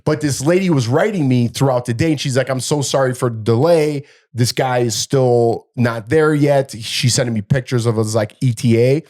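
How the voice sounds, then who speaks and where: A middle-aged man co-hosting a casual podcast, telling a long story and acting out the quotes with a raised, animated voice. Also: medium pitch, normal speed, hardly any pauses. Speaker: podcast co-host.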